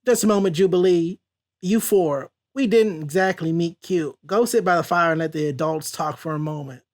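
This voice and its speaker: A man's voice: moderate pace, natural voice. A man reading comic lines as Rogue, a tough female mutant leader, in a slightly raised voice. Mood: commanding. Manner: lightly raised pitch, read from a comic.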